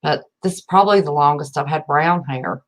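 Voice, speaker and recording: Lower-pitched Appalachian woman, livestream host, folksy and chatty, greets viewers warmly by name. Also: brisk. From West Virginia. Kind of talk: casual livestream chat.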